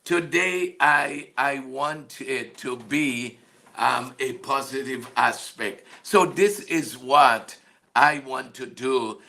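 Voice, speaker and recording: Male ministry host, unhurried delivery with a gravelly edge; chatty and hesitant, addresses listeners by name. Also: medium pitch, pushed and bright. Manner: hesitant, many fillers, greets listeners by name, laughs heartily. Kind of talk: casual devotional broadcast chat. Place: home studio room.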